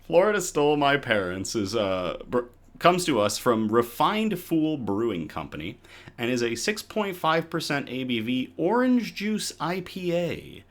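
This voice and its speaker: A man's voice: medium pitch, very animated, a little slow. A man hosting a casual live good-news show from home, chatty and upbeat, a little out of breath. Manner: chatty and upbeat, with chuckles and restarts.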